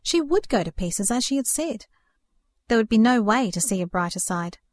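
A woman narrating a storybook in a steady, earnest reading voice. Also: a little high, moderate pace, no echo. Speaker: audiobook narrator.

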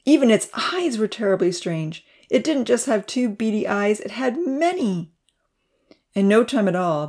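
A woman narrating a children's story aloud with an expressive, dramatic delivery. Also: medium pitch.

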